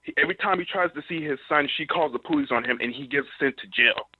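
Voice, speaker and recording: A man's voice: fairly high pitch, fast, a little hiss or hum. A man, from North Carolina, calling in to a talk show and speaking hesitantly, with many fillers. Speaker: caller. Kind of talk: phone-in question. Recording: tinny phone line.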